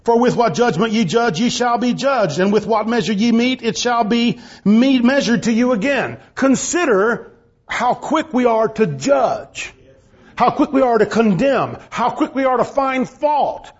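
A man's voice: very high voice, animated, unhurried, slightly rough. A man preaching a sermon about marriage, reading King James scripture aloud and pressing his points with rising emphasis. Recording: dull, lo-fi sound.

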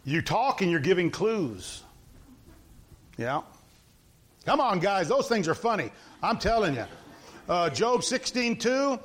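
High-voiced man preaching a casual sermon. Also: sing-song, fairly bright tone. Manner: emphatic, repeats points, quick asides to the congregation. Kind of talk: conversational sermon with scripture reading.

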